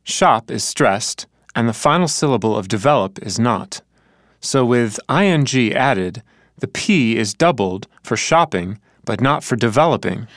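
A man acting as the learner in a scripted lesson dialogue, answering in a relaxed way with hesitations. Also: medium pitch, unhurried, no echo, studio quality. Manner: relaxed, thinks aloud with hesitations.

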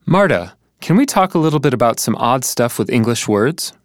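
A man's voice: mid-range voice, sing-song, brisk, dry recording, clean studio sound. A man in a scripted teaching dialogue who answers questions and explains examples in turn. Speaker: co-presenter.

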